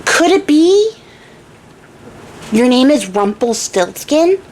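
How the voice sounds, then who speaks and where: A woman's voice: sits high, sing-song, takes it slowly, a little mellow, slight background noise, voice pushed up, exaggerated voice. A woman voicing a frantic young queen expecting a baby, exclaiming anxiously in casual modern slang.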